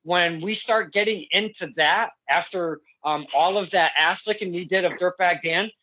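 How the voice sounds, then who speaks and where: A man's voice: high-pitched, normal speed, pushed and bright, muffled recording. A man hosting a casual interview, effusive and heartfelt, rambling with many restarts. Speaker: podcast host.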